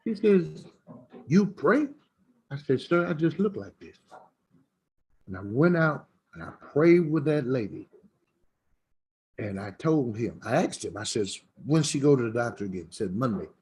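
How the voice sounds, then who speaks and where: Middle-aged guy, husky voice, folksy preachy storyteller at his bbq place. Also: medium pitch, sing-song, moderate pace, darkish tone. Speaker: smokehouse owner. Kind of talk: storytelling chat.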